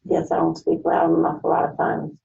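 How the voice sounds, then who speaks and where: An older woman with a hoarse, rough voice answering interview questions in short, plain replies that stutter at times. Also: low voice, monotone, a little fast, warm tone, far from the mic. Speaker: patient in a clinical video. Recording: dull lo-fi archive video.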